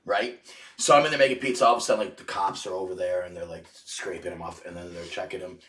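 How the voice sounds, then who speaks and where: A low-voiced man speaks fast and steadily, with a fairly bright tone, as he guests on a podcast and spins a profane, wandering story full of restarts and backtracking. He's a little distant from the microphone, and the room rings with echo.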